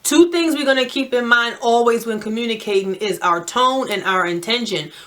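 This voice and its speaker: Speaking to camera at a normal speed, this advice vlogger from New Jersey has a New Jersey accent and a fairly high voice. She's naturally loud, offering emphatic, straightforward life advice and frequently asking "right?".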